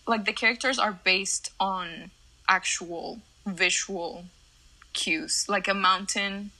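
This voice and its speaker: A woman's voice: mid-range voice, steady tone, takes it slowly, sharp tone, poor audio. A young woman whose first language is Spanish, co-hosting a casual podcast and explaining things earnestly. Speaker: podcast co-host. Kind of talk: casual chat.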